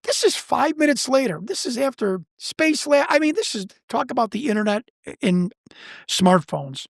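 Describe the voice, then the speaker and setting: Fast-talking Chicago man telling a story. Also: very high voice, sing-song, creaky, dry recording, studio quality. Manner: fast-talking, repeats words and restarts. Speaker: UFO investigator, podcast guest. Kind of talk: animated storytelling in an interview.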